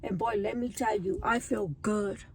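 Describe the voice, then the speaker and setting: A woman's voice: mid-range voice, steady tone, moderate pace, vocal fry, a little hiss or hum, poor audio. A woman in her thirties telling viewers her own story in an earnest, emotional way. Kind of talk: personal storytelling to camera.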